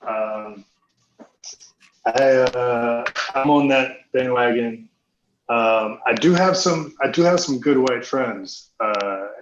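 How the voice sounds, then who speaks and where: A man's voice: mid-range voice, a little hiss or hum. A man doing a hesitant, self-deprecating stand-up set full of ums. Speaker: stand-up comic. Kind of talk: stand-up set on a live stream. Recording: echoey room, dull lo-fi stream audio.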